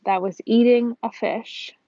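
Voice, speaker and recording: A woman's voice: on the high side, fairly even intonation, unhurried, warm tone, no echo, dull audio. A woman with a Midwestern American accent hosting a casual live stream outdoors by a harbor, greeting viewers by name and laughing often.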